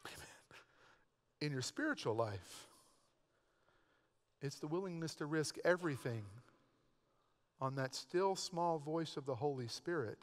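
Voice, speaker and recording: Male pastor, high voice, chatty sermon storyteller, reverberant sanctuary. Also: expressive, a little slow, long pauses. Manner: conversational, storytelling with asides. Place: church sanctuary. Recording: long church hall reverb.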